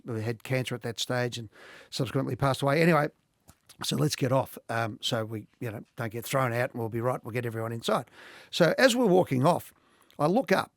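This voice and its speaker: A middle-aged Australian man, a podcast guest, telling animated anecdotes in casual talk and laughing often. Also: mid-range voice, vocal fry, dry recording, studio quality. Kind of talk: casual storytelling.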